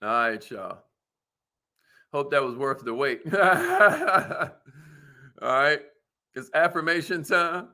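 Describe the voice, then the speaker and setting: A man's voice: on the high side, very animated, takes it slowly, long pauses, sharp tone. A man hosting a motivational business talk, asking listeners rhetorical questions in casual, slangy, preachy speech. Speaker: host.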